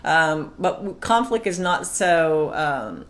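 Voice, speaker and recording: A woman co-hosting a casual talk on marriage, who speaks in an animated way and acts out past arguments. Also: low voice, slow pace. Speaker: marriage podcast co-host. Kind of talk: casual chat.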